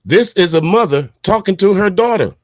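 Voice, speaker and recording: A man's voice: sits high, lively intonation, normal speed, a loud crowd. A man from South Carolina co-hosting a casual talk, blunt, profane and fired up. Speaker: co-host. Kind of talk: casual commentary.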